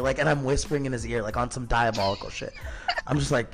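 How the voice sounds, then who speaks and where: A man's voice: mid-range voice, fast, over music. A man in his thirties, a podcast guest telling his story in a blunt, profane, casual way, full of filler words. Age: 30s.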